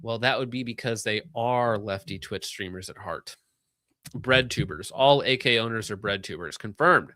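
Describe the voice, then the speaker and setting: A man hosting a casual livestream, reading donations with sarcastic jokes and quick asides. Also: fairly low pitch, pushed and bright, no room sound, clean studio sound.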